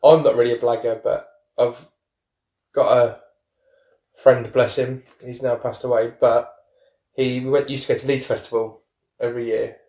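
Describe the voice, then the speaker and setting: A man's voice: medium pitch, level tone, normal speed, dark tone, roomy sound. A man telling rambling stories in a casual podcast chat. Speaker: podcast host.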